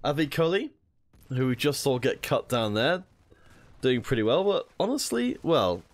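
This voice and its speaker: A man's voice: medium pitch, very animated, normal speed. Chatty male esports caster. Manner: chatty, answers viewer messages between plays. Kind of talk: solo esports commentary reading chat.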